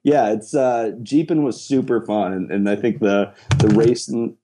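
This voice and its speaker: A man's voice: on the low side, measured pace, warm tone. A man chatting casually, rambling and swearing, often laughing as he talks. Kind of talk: casual chat.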